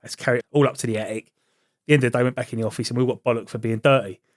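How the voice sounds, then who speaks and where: Fast-talking army veteran. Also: male voice, mid-range voice, steady tone, no room sound, clean studio sound. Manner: quick, chatty, laughs at his own stories. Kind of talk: casual podcast chat, storytelling.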